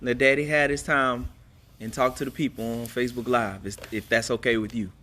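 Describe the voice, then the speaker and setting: A man's voice: mid-range voice, steady tone, fairly quick, sharp tone, slight background noise. A man talking casually outdoors to people on a live stream, telling a story in a loose, repetitive way and calling his listeners "man" again and again. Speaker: father streaming live to followers. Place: outdoors at home.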